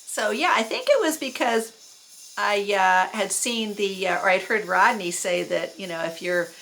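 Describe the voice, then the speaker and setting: Gravelly-voiced older woman reminiscing casually. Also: medium pitch, lively intonation, a bit bright, rough recording. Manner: rambling, many fillers, quick self-mocking laughs. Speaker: vlogger recalling the early punk scene. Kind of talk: casual spoken memoir.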